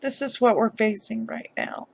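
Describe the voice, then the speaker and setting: A woman vlogger giving emotional commentary on a news story, upset and halting, with sighs. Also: fairly high pitch, huge pitch swings, vocal fry.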